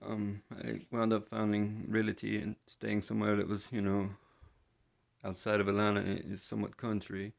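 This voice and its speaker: Deep flat-voiced Englishman, halting storyteller. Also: creaky. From London, England. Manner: hesitant, heavy with fillers and restarts. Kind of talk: first-person storytelling monologue.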